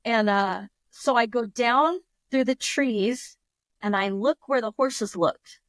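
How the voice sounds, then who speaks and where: A woman guest on a podcast, telling a story in a lively, casual way and acting out her own thoughts in quotes. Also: fairly high pitch, slow, no echo.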